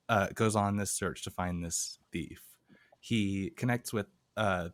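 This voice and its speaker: A man co-hosting a podcast, chatting casually about a film, relaxed and meandering with many fillers. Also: lowish voice, no room sound. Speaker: podcast co-host.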